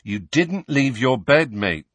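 A man's voice: medium pitch, big pitch swings, takes it slowly, fairly bright tone, no echo, voice pushed up, full character voice. A man reading an audiobook and voicing a casual, matey teenage boy.

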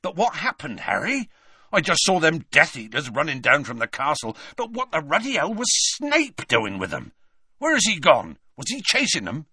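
A man voicing a huge, hairy gamekeeper with rough, folksy speech in a storybook reading. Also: a little high, huge pitch swings, moderate pace, sharp tone, no echo, studio quality, voice pushed up, exaggerated voice. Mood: bewildered. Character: huge hairy male gamekeeper, gruff and kindly.

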